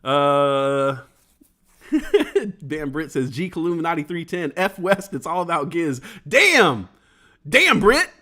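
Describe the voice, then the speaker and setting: A man's voice: on the high side, takes it slowly. A man in his forties hosting a casual live stream, joking and reading chat comments aloud. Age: 40s. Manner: animated and jokey, acts out quoted voices. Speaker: livestream host reading chat.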